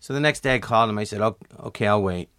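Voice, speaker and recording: Animated man telling showbiz stories. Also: rapid-fire, clear, resonant tone, no room sound, clean studio sound. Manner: animated, acts out quotes with jumps in pitch. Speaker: comedian guest. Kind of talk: storytelling interview.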